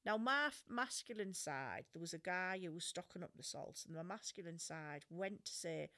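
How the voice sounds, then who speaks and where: A woman's voice: medium pitch, animated, normal speed, hardly any pauses, fairly bright tone. A middle-aged woman with an English accent talks through self-help advice in a loose, conversational way. She is frank and chatty, drops in the odd swear word, and leans on plenty of ums and you-knows. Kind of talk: casual advice talk.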